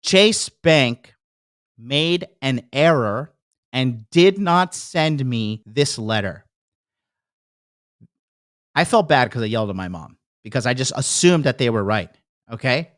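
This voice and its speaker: A man's voice: mid-range voice, expressive, takes it slowly, pauses often, a bit bright, no echo. Man ranting profanely, dry close sound. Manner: profane, heated, acts out the people he quotes. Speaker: podcast host. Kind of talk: casual ranting monologue.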